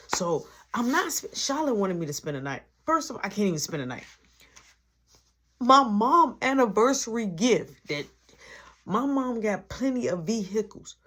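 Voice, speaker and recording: A woman's voice: mid-range voice, very animated, moderate pace, fairly bright tone. A young woman vlogger telling a personal story in a casual way. She retells it dramatically, dropping into whispered asides.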